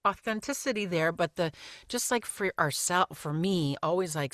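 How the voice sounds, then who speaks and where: A woman's voice: on the low side, lively intonation, normal speed, a bit bright, dry recording, studio quality. A woman hosting a podcast, asking questions in a playful, self-deprecating and emphatic way. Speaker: podcast host. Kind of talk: casual conversational interview.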